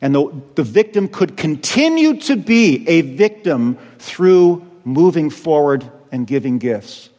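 A man's voice: on the high side, big pitch swings, takes it slowly, hardly any pauses, warm tone. Male pastor, sermon delivery, acts out quotes, reverberant church hall. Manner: preaching with acted-out quotes.

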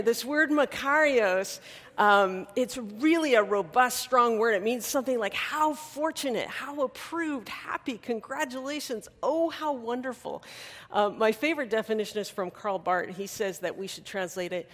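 A woman pastor giving a sermon in a conversational, animated way, with touches of humor. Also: mid-range voice. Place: church hall. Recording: long hall reverb.

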